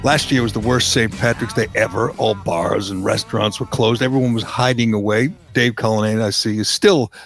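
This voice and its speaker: A man's voice: lowish voice, steady tone, normal speed, hardly any pauses, soft background music. A male podcast host in casual chat, blunt and teasing, rambling with fillers.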